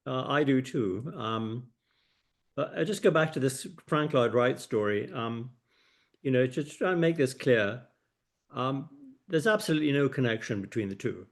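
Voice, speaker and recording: A man's voice: medium pitch, moderate pace. Guy in a q&a, mid voice, firm, correcting the record. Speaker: forum participant, architecture expert. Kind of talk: Q&A discussion.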